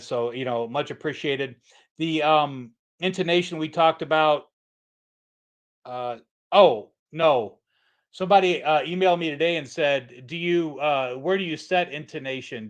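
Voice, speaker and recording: A middle-aged man talking loosely on a livestream, his voice at an ordinary mid pitch. He rambles, restarts his sentences and fills the gaps with "uh" and "you know". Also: fairly bright tone. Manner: rambling, full of fillers and restarts. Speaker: livestream host, guitar tech. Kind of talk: casual livestream chat.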